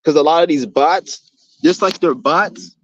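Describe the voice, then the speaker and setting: A man's voice: fairly high pitch, measured pace, no room sound. A man ranting in a rambling, profane, heated monologue for his channel. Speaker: vlogger. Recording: dull lo-fi dry recording.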